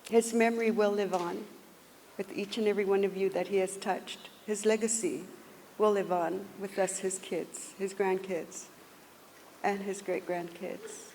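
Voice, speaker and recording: A woman giving a funeral tribute to her father at a church service, speaking in measured, emotional phrases. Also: medium pitch, fairly even intonation, a little mellow. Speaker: eulogy speaker. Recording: echoey hall with faint noise.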